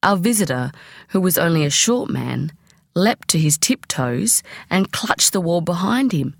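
Low-voiced woman reading an audiobook. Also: vocal fry, dry recording, clean studio sound. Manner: measured, expressive reading. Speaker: audiobook reader. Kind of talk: audiobook narration.

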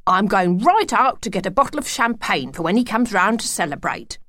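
A woman's voice: medium pitch, big pitch swings, a little fast, fairly bright tone, dry recording, pitched above the performer's own voice. A woman playing a hearty, generous old grandfather who talks in a blunt, homely way.

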